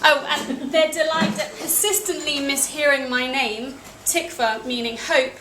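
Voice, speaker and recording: A young British woman with a high voice tells a travel story to a live audience, wry and self-deprecating. She is heard in an echoey cafe room with a steady noisy hum behind her. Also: moderate pace. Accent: British English. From England.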